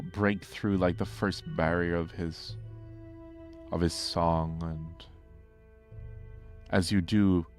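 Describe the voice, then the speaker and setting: A man's voice: sits low, a little mellow. A man narrating a tabletop game as game master, casual and rambling with many fillers.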